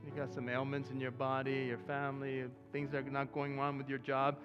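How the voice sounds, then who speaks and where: A man preaching a sermon as pastor, talking to the congregation in a relaxed way and breaking into loud excited bursts. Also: medium pitch, normal speed, highs cut off, over music.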